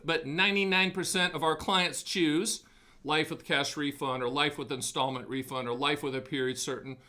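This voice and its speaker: A man hosts a live studio broadcast, talking in a folksy, punchy salesman's banter. His voice sits high and bright, with a ringing edge. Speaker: host of an annuity live event. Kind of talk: energetic sales-education talk.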